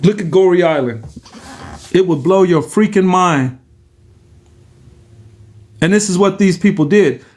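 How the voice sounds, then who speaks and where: A man's voice: high-pitched, expressive, measured pace, long pauses, a little mellow. A man from the United States ranting casually to his viewers, rambling and repetitive, often calling them "y'all" and stumbling over words. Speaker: vlogger. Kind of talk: casual direct-to-camera rant.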